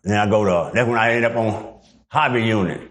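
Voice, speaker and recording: A middle-aged man telling stories in a casual interview, animated and profane, acting out the voices of the people in them. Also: lowish voice, brisk. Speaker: guest.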